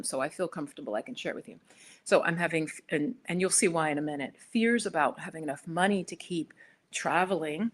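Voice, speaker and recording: A middle-aged American woman chatting casually on her own livestream, rambling with restarts and fillers. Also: sits low. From United States. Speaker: spiritual YouTuber.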